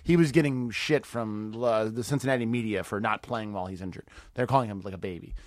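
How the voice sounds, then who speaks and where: A man's voice: fairly low pitch, fairly quick, no room sound, studio quality. A man guesting on a podcast, telling stories in casual chat, laughing often and swearing freely.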